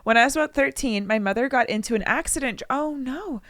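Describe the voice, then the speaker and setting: A woman's voice: on the high side, fast, no room sound. Young woman, podcast co-host, chatty storytelling with asides, dry close sound. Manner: chatty, breaks off to joke and comment, acts out quotes loudly. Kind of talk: casual chat, reading aloud.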